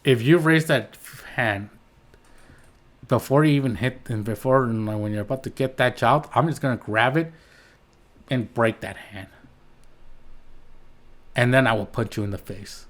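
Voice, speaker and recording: A man's voice: medium pitch, normal speed, long pauses, fairly bright tone. A man hosting his own podcast, ranting in a heated, rambling way with blunt swearing and frequent restarts. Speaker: podcast host. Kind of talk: solo podcast rant.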